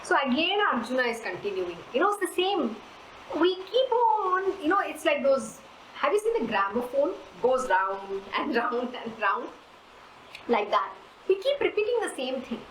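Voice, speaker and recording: A woman's voice: sits high, sing-song, moderate pace, reverberant, slight background noise, rough recording. A woman giving a spiritual discourse on scripture, earnest and questioning, repeating points for emphasis. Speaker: spiritual teacher.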